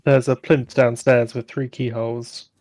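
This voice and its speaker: A man's voice: mid-range voice, level tone, unhurried, a little mellow, no echo, studio quality. A man playing in a tabletop game, explaining rules in a matter-of-fact way. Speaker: player. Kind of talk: casual tabletop play.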